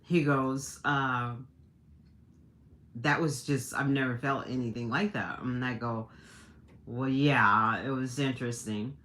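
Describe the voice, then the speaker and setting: A woman's voice: a bass voice, fairly even intonation, slow, a bit bright, slight background noise. A woman hosting a livestream, telling a personal story in a chatty way, laughing often and restarting her sentences. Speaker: livestream host. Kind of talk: casual storytelling to a live audience.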